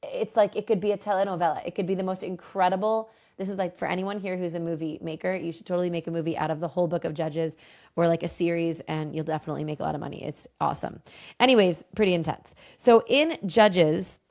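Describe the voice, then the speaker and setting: A woman hosting a casual lesson, retelling a Bible story in an animated, enthusiastic, chatty way. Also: lowish voice, fast talker. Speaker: host and Bible teacher.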